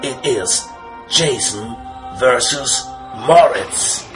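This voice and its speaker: A man giving mock-epic trailer narration, slow and grave with a dramatic build-up. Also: medium pitch, expressive. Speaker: show announcer. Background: music.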